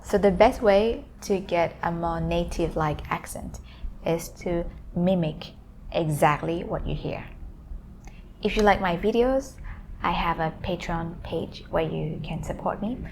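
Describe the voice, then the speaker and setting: Gravelly-voiced woman teaching language tips. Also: on the low side, unhurried, darkish tone, slight background noise. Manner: explains simply with repeated examples. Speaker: language-learning YouTuber. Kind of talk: casual teaching to camera.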